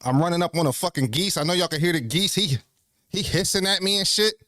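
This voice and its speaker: A man catches his breath as he chats loosely to his livestream audience. His voice sits a little high and the sound is dry and close. He curses casually and keeps restarting his sentences. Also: fast talker, bright, forceful tone, dry recording. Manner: loose, profane, rambling with frequent restarts. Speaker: livestream host.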